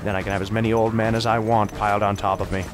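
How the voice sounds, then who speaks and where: A teenage boy in his mid-teens doing excitable, jokey let's-play commentary, yelping and shouting at the game. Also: fairly low pitch, racing, over music. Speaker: gaming YouTuber.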